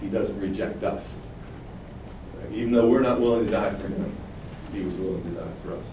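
Man preaching, animated, very echoey room, distant mic. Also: lowish voice, normal speed, a little hiss or hum. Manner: animated preaching, voices quotes with sudden rises. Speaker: pastor. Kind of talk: sermon.

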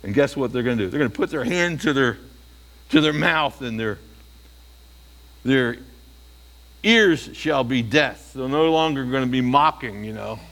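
A man's voice: mid-range voice, unhurried, pauses often, a bit bright, big-room sound. A male preacher giving a sermon, often asking the listeners rhetorical questions.

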